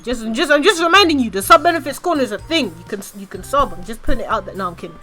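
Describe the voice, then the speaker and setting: Woman, VTuber streamer, rambly and giggly, casual swearing, bright crisp tone, chatty livestream delivery. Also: on the high side, animated, rapid-fire, soft background music.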